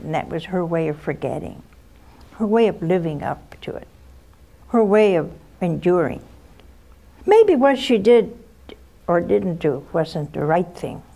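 A nun of advanced years answers callers on her call-in show, her low voice darkish and marked by vocal fry. She's frank with spiritual advice and tells homespun, direct stories from her life.

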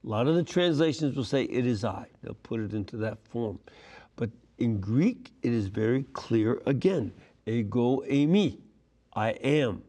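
Male Bible teacher, warm mellow tone, careful explanatory delivery. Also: mid-range voice, expressive, breathy edge. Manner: deliberate, explanatory, stresses key phrases. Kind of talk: scripture lesson.

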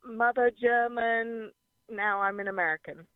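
A woman's voice: fairly high pitch, a little slow, dry recording. An older woman from London with an English accent, calling in to a radio show, chatty and laughing often, trailing off mid-sentence. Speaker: caller. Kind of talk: radio call-in chat. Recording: tinny phone line.

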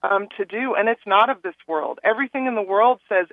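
A woman calling into a radio show, talking earnestly and rambling a little, acting out other people's words in animated asides. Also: medium pitch, normal speed, few pauses, no room sound. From Texas. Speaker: caller. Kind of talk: call-in radio chat. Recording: tinny phone line.

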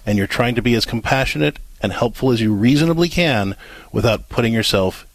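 A man's voice: mid-range voice, no echo, low-quality recording. A man hosting a call-in advice show on radio, speaking earnestly and restarting his sentences often. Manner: earnest, halting with many restarts. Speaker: radio host and counselor.

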